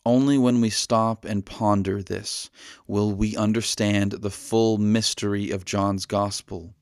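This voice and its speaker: Earnest low-voiced man preaching a sermon. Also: smooth, no room sound, studio quality. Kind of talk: podcast sermon.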